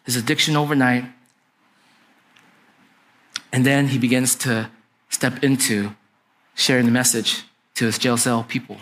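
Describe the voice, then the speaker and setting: Unhurried and steady, with long pauses, a young man preaches in a fairly bright mid-range voice. As a pastor, he tells his sermon like a story and keeps asking the congregation "right?"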